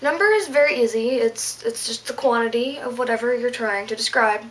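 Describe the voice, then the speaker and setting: A woman tutoring Latin in a casual home video, her voice sitting a little high. She keeps things playful with goofy asides and jokes at her own expense. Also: a little fast, rough recording.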